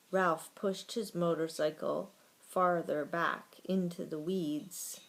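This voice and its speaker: A woman reading a children's book aloud in a slow, steady storytelling manner. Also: lowish voice. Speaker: reader.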